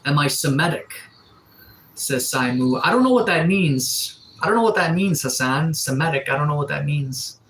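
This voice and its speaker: A man's voice: fairly high pitch, animated, normal speed, fairly bright tone, slight background noise, poor audio. A man from Atlantic Canada with a cold, casually reading out and answering chat comments on a live stream. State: has a cold. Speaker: livestreamer. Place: sunroom.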